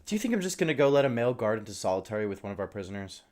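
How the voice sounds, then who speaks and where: A man's voice: lowish voice, big pitch swings, racing, darkish tone. A man voicing a tough, determined middle-aged woman prison guard with a blunt, sarcastic way of talking. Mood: stern.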